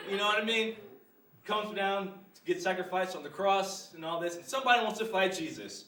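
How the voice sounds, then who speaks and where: On a small comedy club stage, a young man does a crude stand-up routine and laughs at his own jokes. His voice sits high, bright and forceful, a little fast, with slight background noise, picked up from far off in a roomy live venue.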